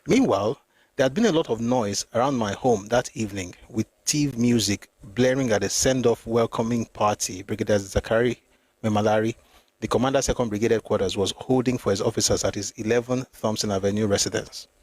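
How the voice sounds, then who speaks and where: This man's voice sits fairly low and sounds a little mellow as he reads a memoir aloud for a history channel. His reading is steady, broken by occasional pauses where he comments and goes back over a passage.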